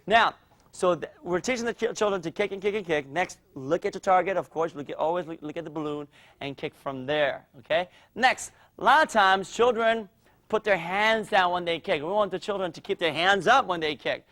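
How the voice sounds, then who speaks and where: High-pitched guy running a kids martial arts class, upbeat, keeps yelling encouragement. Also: moderate pace. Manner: energetic, coaching and cheering children on. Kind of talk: instructional demo with kids.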